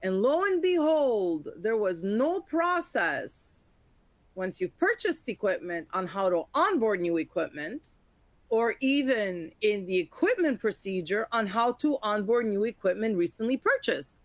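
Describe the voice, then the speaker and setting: Female auditor, 40s, webinar presenter. Mid pitch, dry sound. Lively storyteller who acts out the dialogue. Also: measured pace, no echo. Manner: animated storytelling, acting out quoted dialogue. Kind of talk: webinar teaching with anecdotes.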